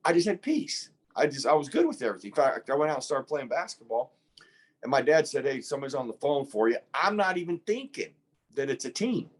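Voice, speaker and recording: A man's voice: a little high, sing-song, fairly quick, breathy edge. A man in his fifties, a former pro football player, telling an earnest, reflective story as a podcast guest, often restarting his sentences.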